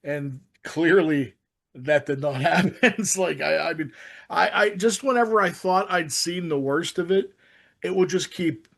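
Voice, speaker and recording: Excitable, profane man with a high-ish voice. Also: a little slow, gravelly. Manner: rambling, profane, excitable with many restarts. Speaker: podcast co-host. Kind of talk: casual film discussion.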